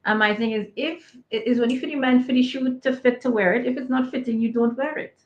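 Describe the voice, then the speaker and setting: A woman's voice: on the high side, fast. Woman co-host giving blunt advice, repeats herself to drive it home, roomy echo, kinda dull sound. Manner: emphatic, repeats points for effect. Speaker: podcast co-host, former school counselor. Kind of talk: candid advice-giving chat. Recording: echoey, slightly dull remote audio.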